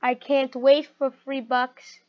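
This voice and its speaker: A woman's voice: sits high, level tone, slow, dry recording, pitched above the performer's own voice. A woman voicing a gullible, greedy young man who sounds eager and whiny. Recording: muffled lo-fi recording.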